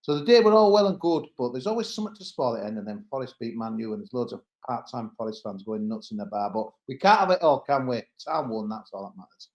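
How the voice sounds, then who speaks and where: Animated East Midlands man, pod regular, rambling anecdotes, echoey room. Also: mid-range voice, fast talker, hardly any pauses, highs cut off. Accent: English East Midlands. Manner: rambling storytelling with laughs. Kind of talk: casual podcast chat.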